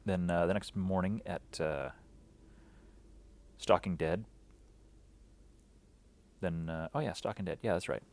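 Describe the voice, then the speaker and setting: A man's voice: low voice, unhurried, pauses often, darkish tone. A man recapping a weekend game event in a loose, rambling way, full of fillers and restarts, acting out bits of dialogue.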